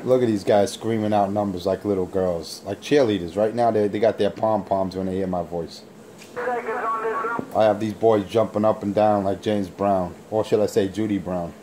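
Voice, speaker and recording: A man trash-talking rivals over a handheld radio mic, boasting and taunting in a slow drawl. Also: fairly low pitch, steady tone, background noise. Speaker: CB radio operator. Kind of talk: on-air radio banter.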